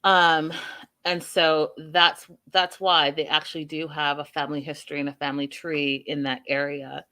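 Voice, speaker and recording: Woman host, casual recap chat, bright tone, talks straight to her audience. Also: sits low, level tone, normal speed. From Canada. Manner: chatty, addresses viewers directly.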